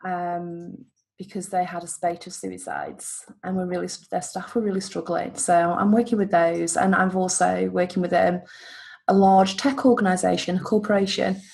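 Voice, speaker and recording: A woman's voice: fairly low pitch, moderate pace, vocal fry, darkish tone, slightly rough. A woman from the United Kingdom, a life coach being interviewed over a video call, chatty and upbeat. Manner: chatty, upbeat, self-correcting. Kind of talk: casual interview answers.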